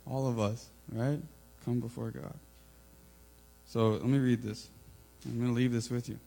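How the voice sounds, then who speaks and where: A man giving an informal, earnest sermon, building to loud emphatic peaks, with a mains hum behind him. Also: medium pitch, level tone, normal speed, gravelly, low-quality recording. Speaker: preacher.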